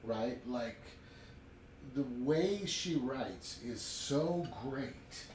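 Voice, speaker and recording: A man reviewing a book in a casual chat, retelling it in an animated way with chatty asides. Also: medium pitch, extremely slow, slight background noise. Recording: roomy sound from a distant mic with faint ambience.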